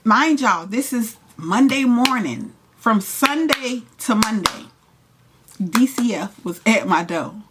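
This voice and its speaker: A young woman, casually telling a profane, animated story while doing her makeup. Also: on the high side, takes it slowly, noisy background. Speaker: hairstylist and vlogger.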